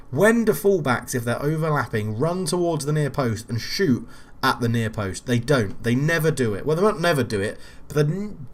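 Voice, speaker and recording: Young man, gaming commentary, casual, rants, swears. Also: medium pitch. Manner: exasperated, ranting at the game, swears. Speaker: gaming channel host.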